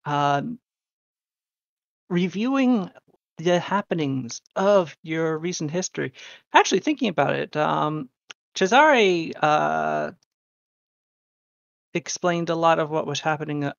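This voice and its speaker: A man narrating as game master, halting with many ums, his allergies acting up. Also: fairly high pitch, lively intonation, gravelly, dry recording. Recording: dull, dry lo-fi mic.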